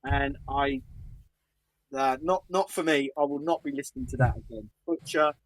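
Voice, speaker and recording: A man's voice: medium pitch, moderate pace, no echo, low-quality recording. A man with a Cockney accent co-hosting a podcast. He gives blunt album opinions in casual chat, with dry humor. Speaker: podcast co-host.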